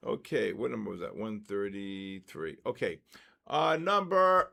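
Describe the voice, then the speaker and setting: A man hosting a trading live stream, calling out giveaway winners in a drawn-out, repetitive way. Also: medium pitch, lively intonation, gravelly, pushed and bright.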